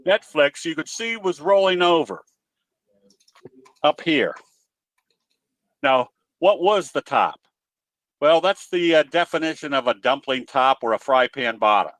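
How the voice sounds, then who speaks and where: A man's voice: a little high, animated, unhurried, pauses often, fairly bright tone, dry recording. Folksy male trading presenter, dry sound. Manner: folksy, explanatory, tells jokes. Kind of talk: webinar teaching talk. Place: home office.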